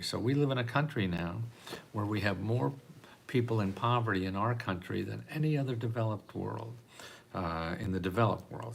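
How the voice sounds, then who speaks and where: An older man speaks in a low, gravelly voice, rambling and restarting his sentences while he makes his point. He chuckles softly between thoughts, and a faint hiss of noise sits under the recording. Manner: rambling, repeats words, often laughs softly. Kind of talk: casual monologue to camera. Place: apartment in a city.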